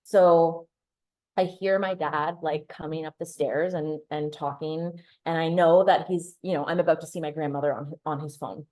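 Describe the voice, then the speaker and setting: A woman's voice: sits low, fairly even intonation, normal speed, darkish tone. Woman telling a candid personal story. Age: 30s. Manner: candid storytelling, restarts and repeats words. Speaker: presenter. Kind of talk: personal presentation to an audience.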